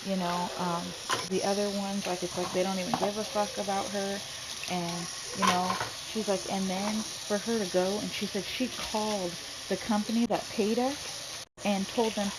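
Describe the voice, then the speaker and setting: Woman, casual gossip, swears, streaming at home, loud household noise behind. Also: mid-range voice, steady tone, normal speed. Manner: chatty gossip, swearing, talks to kids off-mic. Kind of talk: casual storytelling while gaming.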